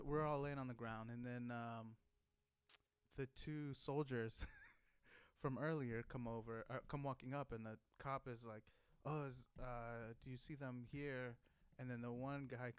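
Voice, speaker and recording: A man's voice: mid-range voice, fairly even intonation, brisk, clean tone, no echo. Swearing man telling a service story. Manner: swears constantly, acts out shouted quotes. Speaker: storyteller, former Marine. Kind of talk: casual profane storytelling.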